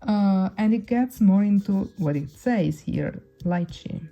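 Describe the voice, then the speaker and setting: A woman chatting through a casual perfume review, often pausing to search for words. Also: mid-range voice, expressive, dark tone, highs cut off. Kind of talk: casual fragrance review to camera.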